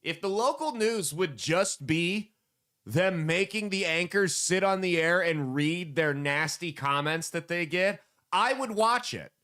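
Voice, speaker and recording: A man hosting a casual comedy podcast, joking loosely and throwing in sudden loud bursts. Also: high-pitched, expressive, unhurried. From United States. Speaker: podcast host.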